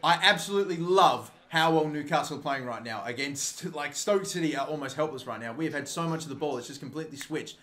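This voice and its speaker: A young man with a high voice calls a football match as a passionate fan. He talks fast, swears freely and vents his frustration at every missed chance. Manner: swearing, frustrated outbursts and shouted goal reactions. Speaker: gaming YouTuber commentating a football match. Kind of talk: excited fan commentary over game highlights.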